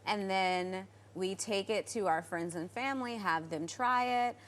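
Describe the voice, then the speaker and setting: A woman's voice: medium pitch, a little slow, slight background noise. A woman interviewed as a guest on a live TV morning show, speaking eagerly and upbeat about her business from the studio set. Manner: upbeat, eager promotional talk.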